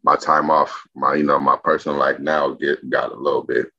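A man who works as an executive chef, chatting as a podcast guest and telling animated stories full of slang and swearing. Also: very deep voice, normal speed. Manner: animated storytelling heavy with slang and profanity. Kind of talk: casual interview chat. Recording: dull lo-fi podcast audio.

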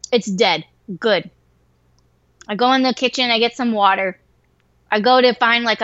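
A woman telling a wild story in casual chat, swearing freely and getting animated and excitable. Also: fairly high pitch, dry recording. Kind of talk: casual story told to a listener. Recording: dry, slightly dull lo-fi recording.

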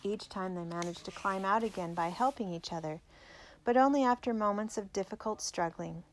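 Woman reading a biography aloud, steady and clear, middle pitch. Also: slight background noise. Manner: measured, clear storytelling. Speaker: narrator.

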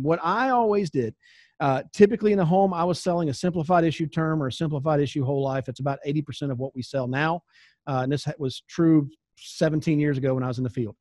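A man's voice: a little high, a little mellow, no room sound. Southern man coaching insurance agents. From American South. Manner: conversational, acts out client dialogues. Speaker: insurance sales trainer. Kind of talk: sales training talk.

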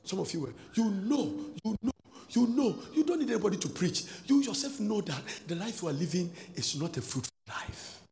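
A man preaching a sermon in a sing-song cadence that swings between shouts and soft asides. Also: high voice, sing-song, moderate pace, creaky, soft background music. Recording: long reverb of a large hall.

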